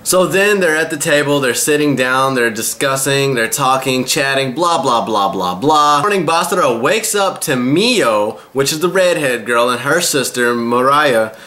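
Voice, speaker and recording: A man with a bright, sharp-edged voice at an ordinary middle pitch runs through an anime episode scene by scene. His retelling is loose and crude, rambling and swearing freely as he goes. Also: expressive, measured pace, few pauses. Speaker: anime reviewer. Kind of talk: casual episode recap.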